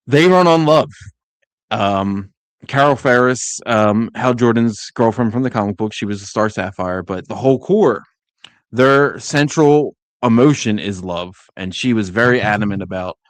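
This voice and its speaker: A man's voice: on the low side, dry recording. A man co-hosting a podcast, chatting casually in a review, acting out characters' lines as he recaps. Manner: animated, acts out quotes in voices. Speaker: podcast co-host.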